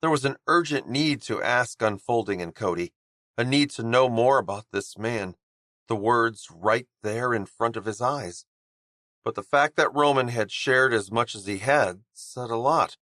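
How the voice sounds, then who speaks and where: Scripted romance narration comes from a male audiobook narrator with a mid-range voice, reading in a measured, even way. The recording is dry with clean studio sound.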